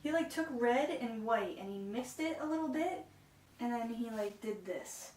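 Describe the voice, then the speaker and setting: A woman's voice: fairly high pitch, lively intonation, measured pace, darkish tone. Chatty woman vlogging in an echoey room. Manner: chatty, self-deprecating, exasperated asides. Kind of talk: casual painting-along commentary. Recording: echoey room, far from mic, noisy.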